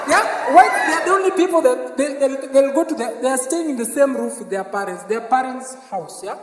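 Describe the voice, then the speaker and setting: A man performs stand-up at an outdoor show, his voice riding high and playful as he keeps checking in with the crowd. The sound is distant and roomy, with a long reverberant tail and a faint audience behind him. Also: fairly quick, hardly any pauses. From Kenya. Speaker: stand-up comedian. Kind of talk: live stand-up comedy. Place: outdoor comedy show in a park.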